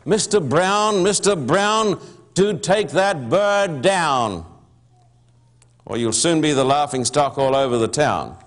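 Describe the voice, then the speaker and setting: A man's voice: fairly high pitch, animated, slow pace. A man doing a pompous young know-it-all. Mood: indignant lecturing. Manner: indignant, lecturing, know-it-all. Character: pompous young man, self-styled owl expert.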